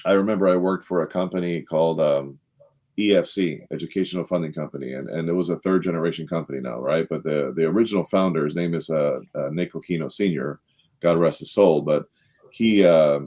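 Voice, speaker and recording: Middle-aged man, low and warm voice, animated storyteller on a panel. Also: a little fast. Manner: animated storyteller, acts out quotes with rising pitch. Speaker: panel guest, former sales director. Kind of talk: storytelling in a leadership panel talk.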